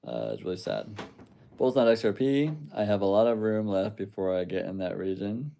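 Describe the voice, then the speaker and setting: Low gravelly man chatting on a livestream. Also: animated, moderate pace, mellow, a little hiss or hum. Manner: rambling, swears freely, laughs at chat comments. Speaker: livestream host reading chat. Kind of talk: casual livestream chat.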